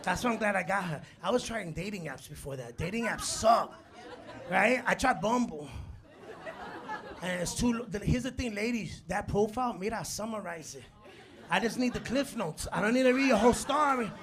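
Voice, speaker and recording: High-voiced man doing stand-up in a club. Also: moderate pace. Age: 40s. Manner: animated storytelling, acts out quotes, works the crowd. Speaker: stand-up comedian. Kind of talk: stand-up comedy set. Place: comedy club on stage. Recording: live club recording with loud crowd laughter. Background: audience laughter.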